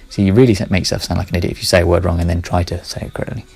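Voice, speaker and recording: A man's voice: sits low, fairly even intonation, racing, vocal fry, few pauses, warm tone, husky, faint music behind. A man talking through his ideas in a casual monologue, rambling, correcting himself and muttering asides under his breath.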